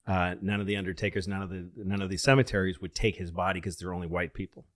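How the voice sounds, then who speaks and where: A man's voice: low-pitched, steady tone, fast, no room sound, clean studio sound. A male comedian and podcast host telling rambling, profane stories in casual chat, often restarting his sentences.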